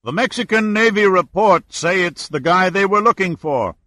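A man voicing a male yacht skipper who shouts news across the water. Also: high voice, expressive, normal speed, no room sound, voice pushed up. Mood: excited.

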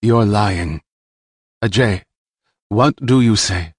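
A man's voice: on the low side, slow, slightly rough, dry recording, studio quality. A male narrator voicing a ruthless, commanding female villain who threatens and gives orders. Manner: imperious, threatening.

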